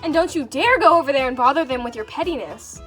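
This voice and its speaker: A woman's voice: high-pitched, animated, fast talker, fairly bright tone, faint music behind. A woman voicing an exasperated wife who scolds bluntly in a toy figure drama.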